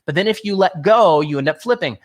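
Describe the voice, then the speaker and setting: A man with a high-pitched voice and lively intonation teaches a singing workshop at a brisk pace. As a vocal coach he explains patiently and directly to his audience, frequently fixing his words partway through.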